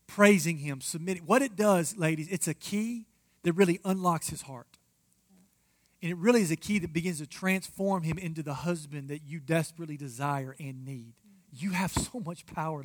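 A man preaching a marriage sermon as pastor, emphatic and addressing the congregation directly. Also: on the high side.

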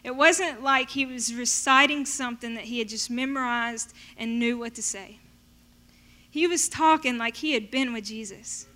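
High bright woman telling her testimony. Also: moderate pace. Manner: animated storytelling, acting out her past self in quotes. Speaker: speaker sharing a testimony. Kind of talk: personal faith testimony.

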